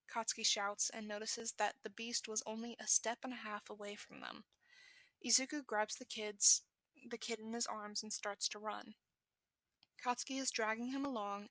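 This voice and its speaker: A woman's voice: fairly high pitch, sharp tone, no echo. A woman reading a fan fiction story aloud, correcting small slips as she goes. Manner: brisk reading with self-corrections. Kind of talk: podfic narration.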